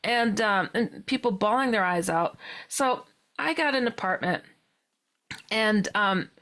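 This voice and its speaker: A woman, a guest on a podcast, telling a personal story in an animated way, laughing often and acting out her own past words with sudden jumps in pitch. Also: measured pace. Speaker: guest, paranormal author.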